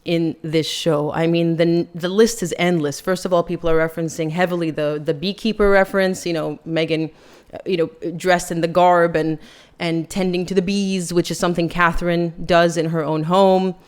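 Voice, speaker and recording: A woman's voice: lowish voice, steady tone, normal speed, clear, resonant tone. A woman hosting a podcast, giving chatty, sarcastic and critical commentary. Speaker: podcast host. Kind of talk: casual opinion commentary.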